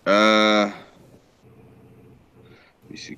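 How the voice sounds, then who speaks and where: A podcast co-host with a New York accent chats casually, rambling, hesitant and profane, full of fillers and swearing. His voice is lowish and animated, slow-paced, with a bright, forceful, clean tone.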